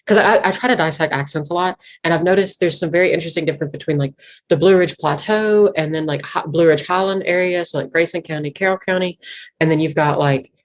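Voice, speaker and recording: A woman with a Virginia foothill Appalachian accent talks in a low voice during a casual interview. She rambles, restarting sentences and stacking fillers as she goes. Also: quick pace. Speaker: guest musician.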